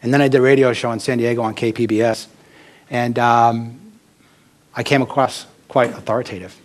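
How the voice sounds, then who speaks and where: A man's voice: mid-range voice, little pitch movement, brisk. A middle-aged American man giving a talk as an author, telling personal stories in a candid, rambling way with asides.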